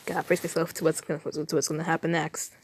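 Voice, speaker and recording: A woman's voice: low voice, little pitch movement, fast, slight background noise. Exasperated woman swearing at a fanfic. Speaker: fanfiction reader. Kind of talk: reacting while reading fanfiction aloud.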